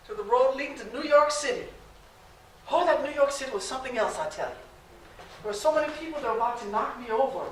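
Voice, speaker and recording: A woman's voice: sits high, a little hiss or hum, lightly acted. A woman playing a devout, determined formerly enslaved mother who tells her own story in an emotional first-person stage monologue. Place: large echoey library room. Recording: echoey room from far off.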